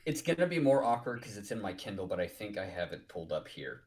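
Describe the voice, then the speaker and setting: A man's voice: on the low side, big pitch swings, quick pace, a little mellow. A man co-hosting a casual podcast, talking in a sarcastic, blunt and profane way. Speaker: podcast co-host. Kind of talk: casual chat.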